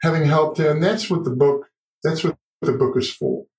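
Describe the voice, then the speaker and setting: A middle-aged man with a slightly high voice, telling his story with lively acted-out dialogue. He is recorded in an echoey room. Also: normal speed. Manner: animated storyteller, acts out dialogue. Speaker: guest author and surfer. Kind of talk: storytelling in a podcast interview.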